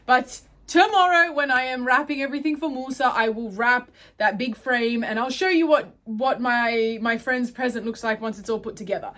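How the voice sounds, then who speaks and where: A woman's voice: a little high, normal speed, hardly any pauses, fairly bright tone. A woman chatting casually to her phone camera at home, rambling and correcting herself as she goes. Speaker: vlogger. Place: at home, indoors.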